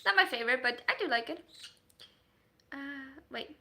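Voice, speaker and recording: A woman livestreaming as a story writer, chatting casually with her viewers in an animated way and laughing often. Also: sits high, normal speed, pauses often. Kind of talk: casual livestream chat, reacting to viewers' messages.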